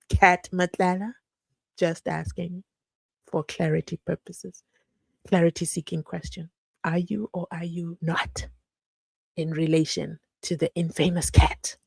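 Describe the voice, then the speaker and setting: A woman's voice: low voice, creaky, darkish tone. A woman talks straight to her live-stream audience, reading comments and spinning anecdotes. Her tone is playful and teasing, and she often laughs at her own jokes. The sound is dry and close, with no room echo. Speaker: livestream host.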